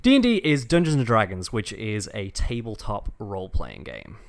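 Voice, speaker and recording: A man's voice: fairly low pitch, wildly swooping pitch, moderate pace, gravelly. A man with a Northern English accent, chatting casually as an interview guest, friendly and self-deprecating with frequent restarts. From England. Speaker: guest, dungeon master.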